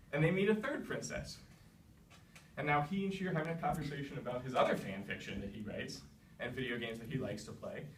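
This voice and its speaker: A man's voice: medium pitch, a little hiss or hum. Wry man telling a comic fairy tale. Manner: wry, deadpan asides. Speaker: storyteller. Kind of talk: comedic fairy-tale retelling. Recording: roomy echo, distant mic.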